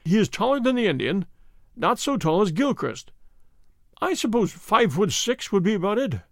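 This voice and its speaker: A man reading aloud, voicing a fussy, excitable male college tutor who pleads in a high, flustered voice. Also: moderate pace, no echo, clean studio sound.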